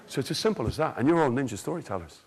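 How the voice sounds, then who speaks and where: A man's voice: mid-range voice, racing, breathy edge, low-quality recording. An Irish man, a storyteller, giving a theatrical, joking conference talk to a live audience. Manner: animated, theatrical, jokes and quizzes the audience.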